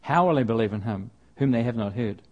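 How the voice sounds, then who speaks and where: A man's voice: mid-range voice, animated, a little fast, darkish tone, highs cut off. Conversational man preaching. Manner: conversational, with frequent restarts and repetition. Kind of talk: sermon.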